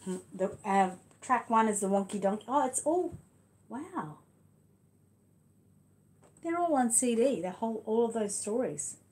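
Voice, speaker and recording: An Australian woman hosting her channel, chatting casually to viewers and a child, then reading a storybook aloud with lively sound effects, in a home room. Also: on the high side, measured pace, long pauses. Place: home room with lights dimmed.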